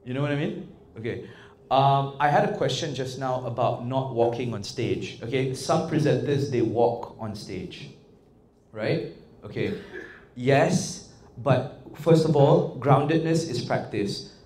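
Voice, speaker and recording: A man leading an interactive workshop, talking in an animated, coaxing way and often checking in with the audience. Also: mid-range voice, a little slow. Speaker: workshop trainer. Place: indoor workshop room. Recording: echoey room with faint ambience.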